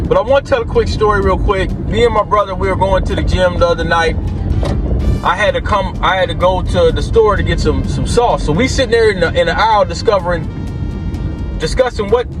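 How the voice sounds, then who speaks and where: Higher-voiced man rambling through a story. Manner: rambling, repeats and restarts phrases, slangy. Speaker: vlogger telling a story. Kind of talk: casual storytime.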